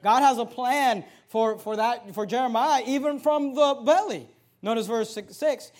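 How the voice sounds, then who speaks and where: A pastor preaching a sermon, moving from conversational storytelling into forceful, raised-voice preaching. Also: male voice, very high-pitched, fairly quick.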